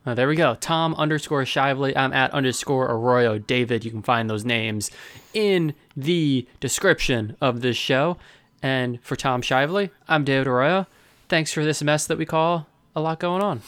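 A man co-hosting a podcast, bantering in a casual, teasing and animated way. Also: medium pitch, no echo. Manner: animated, teasing, quick to joke. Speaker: podcast co-host.

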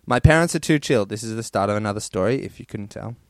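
A man's voice: lowish voice, lively intonation, fast, dry recording, clean studio sound. A man hosting a podcast, casually reading listener stories in a crude, rambling way and laughing often. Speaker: podcast host.

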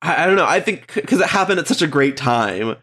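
A man co-hosting a podcast in casual chat, congested and tired, rambling and hesitant with quick laughs. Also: fairly high pitch, expressive, a bit bright. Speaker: podcast co-host.

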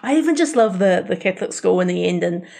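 Gravelly co-host chatting about TV. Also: male voice, sits high, animated, quick pace, a little mellow. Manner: rambling, many restarts and fillers. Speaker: podcast co-host. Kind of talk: casual chat reviewing TV shows.

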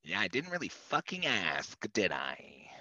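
A man's voice: deep voice, huge pitch swings, measured pace, vocal fry, pushed and bright, no room sound, full character voice, poor audio. A man playing a rude, spoiled American wife who sneers and swears constantly. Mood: sneering. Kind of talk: comedy sketch acting.

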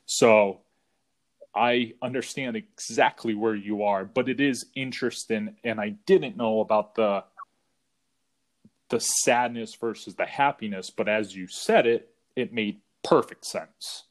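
Male podcast host from the US Northeast, lower voice, easygoing and rambling. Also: a little slow. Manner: relaxed, rambling, frequent fillers. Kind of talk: casual interview chat.

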